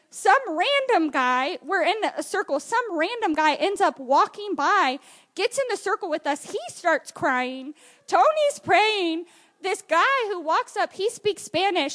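A young woman giving an excited church testimony, telling her story with lots of fillers. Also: very high voice. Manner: animated storytelling with many fillers.

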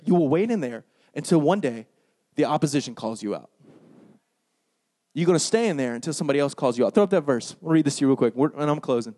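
A man's voice: a little high, a little mellow, no echo, clean studio sound. A man preaching a sermon in a church, emphatic and conversational, with frequent rhetorical questions. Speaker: pastor.

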